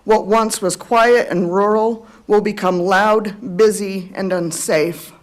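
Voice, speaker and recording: A woman reading a prepared statement as a resident at a public meeting, emotional but steady. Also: mid-range voice, slow. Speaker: resident giving public comment.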